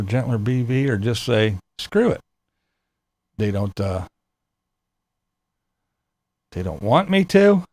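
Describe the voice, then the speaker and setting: A man's voice: medium pitch, darkish tone, dry recording. A man hosting his own channel, delivering a profane, exasperated rant straight to his viewers. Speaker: channel host. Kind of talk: ranting vlog monologue.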